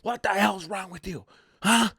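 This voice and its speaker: A man acting out an angry male event booker who scolds him after a show, with exasperated yelling. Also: high voice, a little slow, vocal fry, slightly rough, no room sound, pitched above the performer's own voice, heavily acted. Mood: furious.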